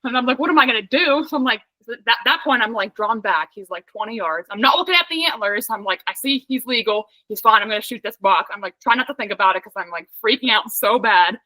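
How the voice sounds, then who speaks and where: A young woman from Pennsylvania, a podcast guest, telling an animated story in casual chat, laughing often and saying "like" a lot. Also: fairly high pitch, quick pace, hardly any pauses, no room sound, poor audio.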